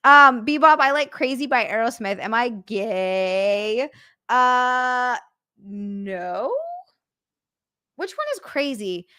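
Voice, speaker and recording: A woman talks through a casual livestream, her voice bright and forceful. She rambles in halting starts and swears freely as she reads chat. The sound is dry and close, with no room around it. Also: high-pitched, animated, no room sound.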